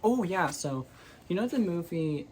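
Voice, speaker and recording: A woman with a low voice talks casually to her phone camera from her bedroom. She rambles and keeps restarting her sentences. A steady background noise sits under the recording. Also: unhurried, poor audio. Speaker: vlogger. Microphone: phone propped on a windowsill.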